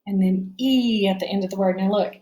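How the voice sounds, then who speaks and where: A woman's voice: medium pitch, fairly even intonation, fairly quick, warm tone, roomy sound. A woman teaching a phonics spelling lesson, explaining each step patiently.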